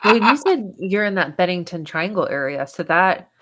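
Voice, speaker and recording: A woman guest on a podcast, talking about field research in a relaxed, conversational way with lots of filler words. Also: lowish voice, normal speed. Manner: conversational, with frequent um and like. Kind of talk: casual interview.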